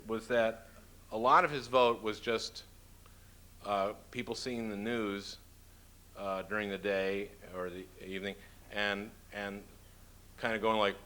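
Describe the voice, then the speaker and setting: A man's voice: lowish voice, steady tone, pushed and bright. A man from Minnesota giving a comic question-and-answer talk as an author, joking dryly and stopping often with "uh". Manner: dry, joking, halting with many "uh"s. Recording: noisy lecture-hall recording.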